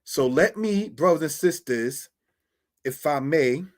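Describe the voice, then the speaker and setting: A man teaching Bible Hebrew in a slow, repetitive way, often asking "all right?" and calling listeners brothers and sisters. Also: on the high side, animated. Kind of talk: screen-share Hebrew lesson.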